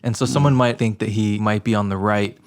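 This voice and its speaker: A man co-hosting a casual podcast chat, measured and explanatory as he lays out his points. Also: on the low side, steady tone. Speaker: podcast co-host.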